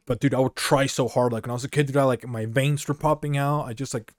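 A man's voice: medium pitch, steady tone, fast, no echo. Casual male podcast storyteller from Mexico, rambling comic delivery, dead-dry room. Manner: rambling, peppers talk with "dude" and "you know". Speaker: podcast co-host.

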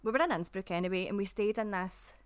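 A young woman from Scotland with a Scottish accent, co-hosting a casual podcast. She tells stories in an animated, giggly way at a mid pitch. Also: fast talker, clear, resonant tone. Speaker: podcast co-host. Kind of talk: casual storytelling chat.

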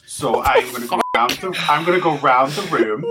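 A man's voice: mid-range voice, fairly quick, background noise. A British man hosting a casual podcast chat, introducing guests with teasing jokes. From Britain. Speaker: podcast host.

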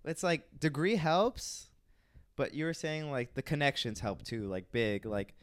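A man's voice: fairly high pitch, very animated, unhurried, smooth. A young man hosting a casual podcast chat, rambling with many fillers and acting out quotes. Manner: rambling, filler-heavy, acts out voices. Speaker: podcast host.

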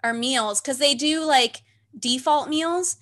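A woman's voice: sits high, takes it slowly, fairly bright tone. A young woman co-hosting a casual podcast, chatty and giggly, rambling through stories. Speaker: podcast co-host. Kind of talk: casual chat.

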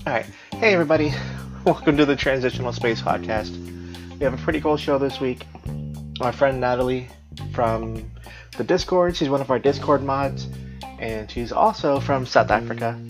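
A man's voice: mid-range voice, moderate pace, music in the background, poor audio. Chatty American man hosting a podcast. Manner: chatty and rambling, with many fillers and restarts. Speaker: podcast host. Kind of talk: casual podcast chat.

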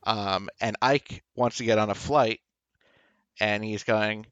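A man's voice: on the low side, fairly even intonation, slow pace, a bit bright, clear, resonant tone, dry recording. A man co-hosting a podcast, chatting casually in a rambling way and swearing offhand. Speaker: podcast co-host. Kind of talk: casual chat. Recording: dry, dull lo-fi mic.

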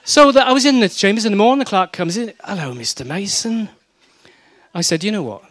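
A man's voice: high voice, very fast, dry recording. A middle-aged man from South Wales with a Welsh accent, preaching a sermon and telling stories with humor and mimicry. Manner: lively storytelling with mimicry and humor.

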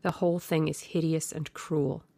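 A woman voicing a sensitive, uneasy young English gentleman in a storybook reading, with pleading, rising cries. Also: deep voice, level tone, moderate pace, gravelly, no echo. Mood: bitter.

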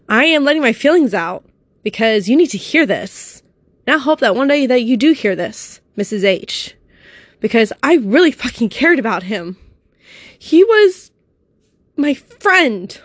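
Upset high-voiced woman holding back tears. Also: dry recording. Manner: upset, swearing, voice rising near tears. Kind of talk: emotional personal vent to camera.

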